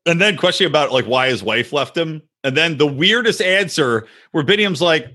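Lively, husky-voiced man with a bright tone. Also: fairly high pitch, moderate pace, hardly any pauses. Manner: laughs often, acts out quotes in silly voices. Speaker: podcast co-host. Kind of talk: casual chat.

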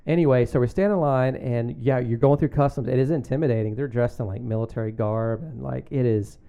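Laughing storyteller man, mellow voice. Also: mid-range voice, a little fast, vocal fry, clean tone. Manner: animated, laughing storyteller with many fillers. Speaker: guest, magazine founder. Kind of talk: casual storytelling.

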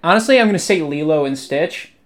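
A man's voice: fairly high pitch, expressive, quick pace, fairly bright tone, slight background noise. Young man rambling casually. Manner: rambling, filler-heavy storytelling. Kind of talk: casual chat.

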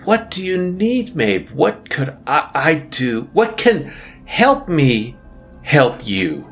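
A sly otherworldly patron spirit , voiced by a game master, coaxes and tempts with silky relish. The delivery swings widely in pitch and drawls slowly, and faint music sits behind it. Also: sing-song. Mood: tempting. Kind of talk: game master voicing a character.

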